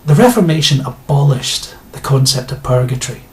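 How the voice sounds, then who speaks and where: A man's voice: mid-range voice, expressive, a little fast, slight background noise. A man delivering a sarcastic, indignant rant to his viewers, blunt and given to swearing. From Scotland. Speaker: video blogger. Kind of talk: ranting monologue to camera.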